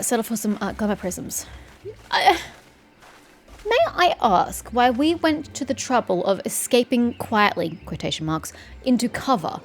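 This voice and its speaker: Sarcastic woman gamer with a sore throat. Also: on the high side. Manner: sarcastic, chatty, teasing characters. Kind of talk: let's-play commentary. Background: faint game music.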